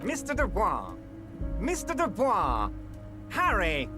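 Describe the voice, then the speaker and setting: A man's voice: sits high, wildly swooping pitch, takes it slowly, music in the background, heavily acted. A man voicing a fawning middle-aged union boss who talks in an oily, overly reassuring, theatrical way. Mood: smarmy. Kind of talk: fan voice acting of a game.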